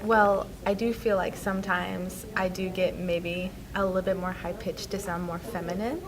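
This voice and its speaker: A young woman answering softly in a casual interview. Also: fairly low pitch, steady tone, normal speed, crowd noise, low-quality recording.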